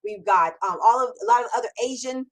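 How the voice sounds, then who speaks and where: A middle-aged woman hosting a live-streamed Q&A, energetic and enthusiastic, repeating words for emphasis. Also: on the high side, fast, low-quality recording. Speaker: host. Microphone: camera mic on a livestream.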